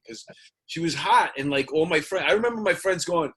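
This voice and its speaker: A man's voice: a little high, expressive, brisk, fairly bright tone, husky. A man hosting a casual interview, laid-back and joking, laughing often. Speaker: host.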